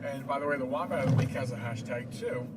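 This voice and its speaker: A man's voice: mid-range voice, quick pace. A male radio host chatting casually on the road, rambling with many fillers, recorded in a moving car. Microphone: portable mic in the car. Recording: loud road noise, mic a bit far off. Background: car and traffic noise.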